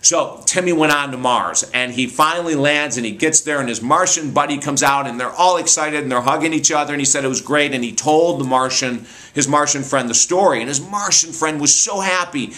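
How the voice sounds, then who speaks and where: Animated, bright-voiced man telling stories. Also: a little high, brisk. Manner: animated, amused, laughs often. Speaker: motivational speaker and author. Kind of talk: storytelling monologue.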